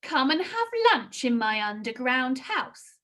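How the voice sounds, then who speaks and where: A teacher putting on a sly fox. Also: male voice, very high voice, sing-song, measured pace, bright, forceful tone, heavily acted. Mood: coaxing. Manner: coaxing, then panicked. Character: sly smooth-talking male fox.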